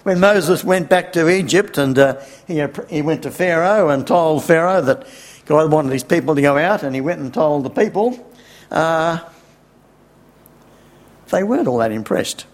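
A man preaching a sermon, unhurried, asking rhetorical questions and chuckling wryly. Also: fairly high pitch, expressive.

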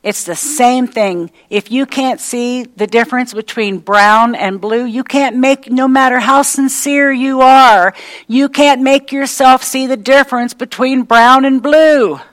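Slow-preaching woman. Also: high-pitched, steady tone, poor audio. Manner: slow, emphatic preaching with repetition and folksy asides. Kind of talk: sermon.

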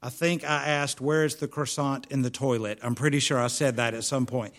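A man's voice: mid-range voice, fairly even intonation, a little fast, a bit bright. An American man preaching, asking his congregation questions and answering them himself, then telling a travel story. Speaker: pastor. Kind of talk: sermon.

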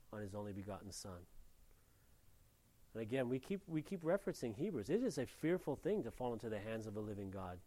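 A man delivers a sermon in a somewhat high-pitched voice, pressing his listeners with urgent repetition. He rises to loud exhortations and then drops to hushed, almost whispered warnings. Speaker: preacher.

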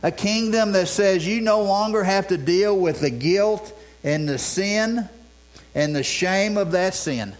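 A man's voice: high-pitched, measured pace, poor audio. A man preaching a sermon in a conversational way, with many restarts and rhetorical questions. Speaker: pastor. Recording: mains hum.

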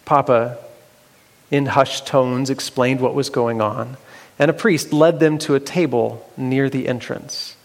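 A man telling a Bible story aloud, unhurried and halting, with fillers and restarts. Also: mid-range voice, steady tone, gravelly. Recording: long hall reverb.

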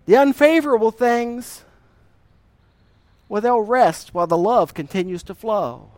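This middle-aged pastor preaches with a high but darkish voice, recorded dry. He tells folksy stories with a laugh and stretches out verses emphatically.

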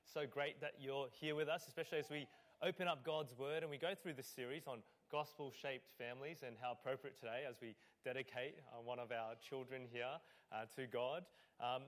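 A man's voice: mid-range voice, fairly even intonation, a little fast. A man, a lead pastor and a parent, preaching a conversational sermon in church with frequent fillers. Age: adult parent. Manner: conversational, with fillers; acts out scenes.

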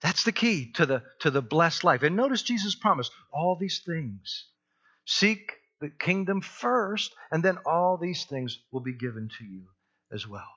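A man preaching a sermon, emphatic, with dramatic pauses and repeated key phrases. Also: fairly high pitch, sing-song, pushed and bright, breathy edge, muffled recording. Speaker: pastor.

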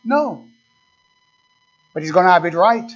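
A man preaching with a high, fervent voice, pushing up to shouts and then dropping to near murmurs. He exhorts his congregation in a sermon. The recording sounds dull and lo-fi. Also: lively intonation, a little slow. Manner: impassioned preaching, swings from shouting to hushed. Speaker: pastor.

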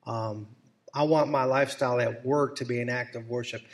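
A man of ordinary pitch joins a faith-based talk show as co-host. He speaks in a measured, thoughtful way and pauses with "um.". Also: steady tone.

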